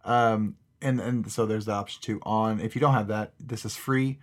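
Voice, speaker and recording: A man's voice: fairly low pitch, fairly even intonation, moderate pace. Rambling, laughing man podcast co-host. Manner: rambling, laughs often, trails off. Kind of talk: casual chat.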